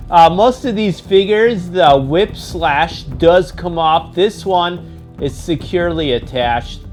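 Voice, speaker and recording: A man showing and unboxing toys in a vlog, playful and laughing at his own jokes. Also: a little high. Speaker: toy reviewer.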